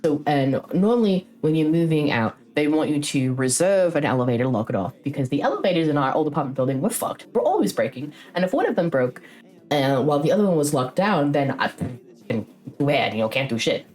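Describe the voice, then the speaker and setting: A young woman with a notably low voice chats casually on stream, rambling through a story and dropping curses along the way. Faint music plays quietly behind her. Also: a little fast. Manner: rambling, frequent swearing, lively retelling.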